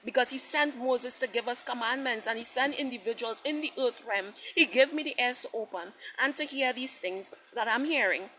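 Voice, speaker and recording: A woman's voice: fairly high pitch, moderate pace, hardly any pauses, sharp tone, low-quality recording. A woman preaching a sermon message with passion, repeating herself, stammering into restarts and quoting God at length. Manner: impassioned, repetitive, quotes God at length.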